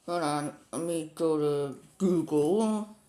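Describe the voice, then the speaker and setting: A man's voice: a little high, slow pace, dark tone. A male gamer at home giving casual commentary on a strategy map game, rambling and easily sidetracked, with lots of "like.". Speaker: gaming commentator.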